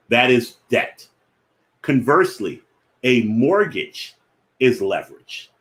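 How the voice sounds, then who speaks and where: A man with a Philadelphia accent hosting a finance show, explaining ideas deliberately and repeating key definitions slowly for emphasis. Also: fairly low pitch, fairly bright tone.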